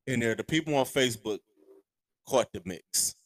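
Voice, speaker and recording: A man hosting a podcast with a sore throat, ranting casually and profanely about sports, heating up to shouts. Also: mid-range voice, animated, moderate pace, no room sound. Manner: profane, heated, rising to shouts. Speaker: podcast host.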